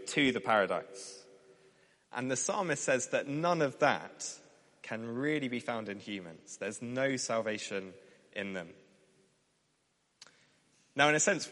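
A man delivering a sermon from the pulpit, his voice ringing with a long reverb around a church hall. He reads the scripture with emphatic, lifted praise, then drops to a low, soft close at the end of his phrases. His pitch sits in an ordinary middle range. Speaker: preacher.

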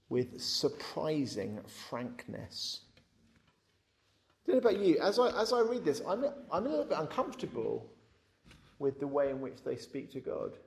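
A man giving a conversational Bible teaching, frank and lively, often repeating his words as he talks. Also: medium pitch, vocal fry. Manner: frank, animated, repeats words, acts out quotes.

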